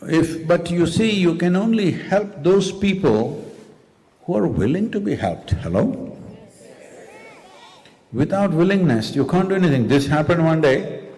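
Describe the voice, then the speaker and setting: A man's voice: a little high, big pitch swings, a little slow, long pauses, darkish tone, in a large hall. A man giving a public talk to a live audience as a spiritual teacher, speaking emphatically and asking rhetorical questions. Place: large event venue.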